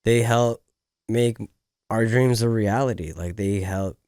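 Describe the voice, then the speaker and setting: A man's voice: on the low side, a little slow, a little mellow, dry recording, studio quality. A young man co-hosting a podcast, chatting casually and narrating role-play scenes with animation. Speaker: podcast co-host. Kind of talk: casual chat.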